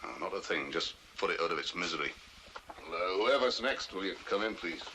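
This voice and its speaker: An actor playing a stern, embittered middle-aged country vet, curt and dismissive, in 1960s film acting. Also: male voice, low voice, lively intonation, brisk, sharp tone, slight background noise, rough recording. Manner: brusque, dismissive. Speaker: veterinarian.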